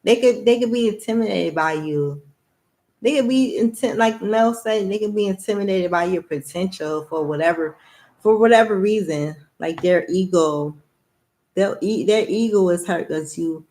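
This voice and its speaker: A woman's voice: lowish voice, a little mellow. A young adult woman giving a candid personal monologue to camera, blunt and rambling, with heavy swearing. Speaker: vlogger.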